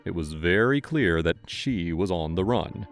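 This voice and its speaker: A man's voice: low voice, lively intonation, measured pace, faint music behind. A man narrating a true-crime case in a scripted storytelling style, with wry asides.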